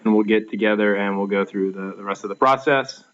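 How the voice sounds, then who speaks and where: A man's voice: lowish voice, fairly even intonation, a little fast, a bit bright, lo-fi sound. A male teacher giving a recorded video lesson, explaining step by step with frequent ums and uhs.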